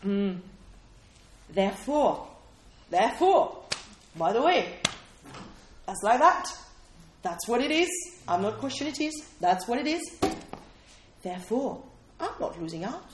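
A woman's voice: a little high, very animated, unhurried, pauses often, roomy sound, noisy background. A woman preaching a sermon in a conversational way, often checking in with listeners and asking them questions. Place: room with a small responding audience.

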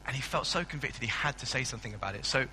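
Male pastor, forceful bright tone, storytelling sermon, faint background hum. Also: medium pitch, expressive, racing, low-quality recording. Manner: chatty, self-mocking, storytelling. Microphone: stand mic.

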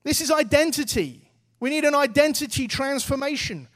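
High-voiced man preaching earnestly. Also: moderate pace, a bit bright. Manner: earnest, exhorting, casual phrasing. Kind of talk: sermon.

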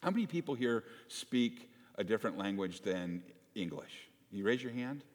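Animated male pastor in an echoing church. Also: on the low side, moderate pace. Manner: conversational and animated, joking asides to the congregation. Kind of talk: sermon. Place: church sanctuary. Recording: long hall reverb.

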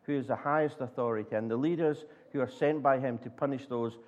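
Scottish preacher telling a lively story. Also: male voice, mid-range voice, muffled recording. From Scotland. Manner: animated storyteller, acts out voices, halting restarts. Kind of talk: sermon with storytelling. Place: church.

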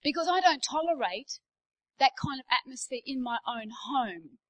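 A woman's voice: high-pitched, expressive, moderate pace, low-quality recording. A middle-aged woman with an Australian accent, preaching a sermon as a guest speaker in a church, telling anecdotes with emphasis.

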